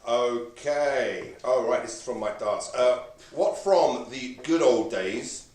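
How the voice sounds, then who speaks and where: A man hosts a live event, reading out questions and teasing the guests. His voice sits at a middle pitch. He is heard from a distance in an echoey room, with faint noise behind him. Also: expressive, takes it slowly, a little mellow. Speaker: host.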